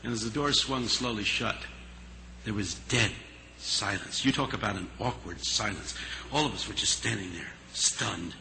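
A man telling a story in a sermon, earnest and dramatic, pausing for effect. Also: fairly low pitch, vocal fry, pushed and bright, slight background noise, low-quality recording.

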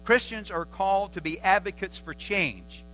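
A man's voice: sits high, moderate pace, bright, forceful tone, faint music behind, rough recording. A man preaching a sermon as a pastor, earnest, driving his points home with repeated short exhortations.

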